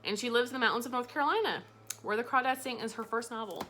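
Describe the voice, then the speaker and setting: A young woman chatting casually to camera in a home room as a book vlogger, animated and swearing freely. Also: fairly high pitch, fast, a little hiss or hum.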